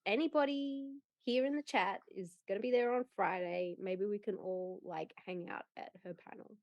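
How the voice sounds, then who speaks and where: A woman co-hosting a podcast, speaking in relaxed casual chat. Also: medium pitch, moderate pace, dry recording, lo-fi sound. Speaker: podcast co-host.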